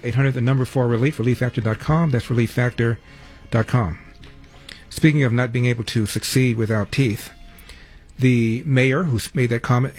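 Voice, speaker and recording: Brash older talk radio host. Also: male voice, mid-range voice, a little mellow, breathy edge. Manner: brash, sarcastic, reads ads and phone numbers.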